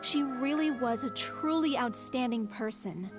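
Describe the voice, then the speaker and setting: A woman voicing a gentle, soft-spoken young troupe member in a game cutscene, speaking fondly. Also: high-pitched, unhurried. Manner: warm, fond reminiscing. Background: music.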